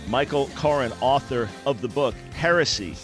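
A man with a light New York accent hosting a radio talk show, questioning his guest in an animated, emphatic way. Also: mid-range voice, moderate pace, music in the background. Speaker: radio host.

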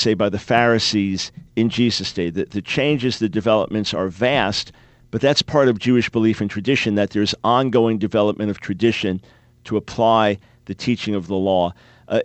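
A man's voice: on the low side, no echo. A man hosting a call-in radio show, explaining answers to callers in an upbeat, conversational way from a studio. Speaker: radio talk show host.

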